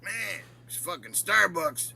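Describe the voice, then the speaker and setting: A man playing a crude, foul-mouthed loudmouth who shouts boastful rants in a dry, gravelly voice for a comedy podcast bit. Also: high-pitched, takes it slowly, a loud crowd, full character voice. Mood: ranting. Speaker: regular show character answering questions.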